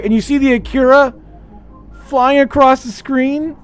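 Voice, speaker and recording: A man chatting casually while streaming a space game, rambling and animated as he tells stories. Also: very high voice, normal speed, faint music behind. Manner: rambling, animated storytelling with playful put-on voices. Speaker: gaming streamer. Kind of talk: casual gameplay chat.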